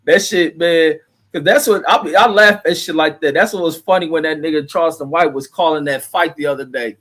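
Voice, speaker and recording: A man's voice: fairly high pitch, a little fast, a bit bright. A middle-aged man chatting casually on a livestream from home. He rambles in a loose, profane way, reading viewer comments aloud and riffing on them. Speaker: livestream host reading chat.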